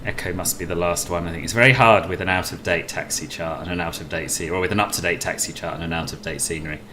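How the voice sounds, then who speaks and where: A man's voice: low-pitched, steady tone, quick pace, sharp tone, slight background noise. A man chatting casually on a flight sim live stream, greeting viewers between tasks.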